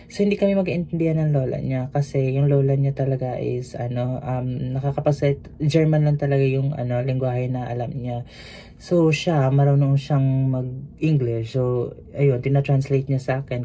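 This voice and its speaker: The recording is lo-fi and dull with a faint hiss, carrying a dark, mid-range voice. It belongs to a cruise ship crew member from the Philippines with a Filipino accent, who tells a rambling, filler-heavy story that mixes Tagalog and English.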